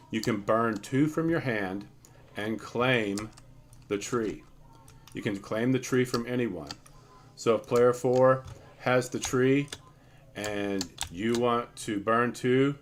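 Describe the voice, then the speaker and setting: A man walking through the rules of his card game in a loose, casual tutorial, often restarting sentences and filling pauses with ums. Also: mid-range voice, slight background noise.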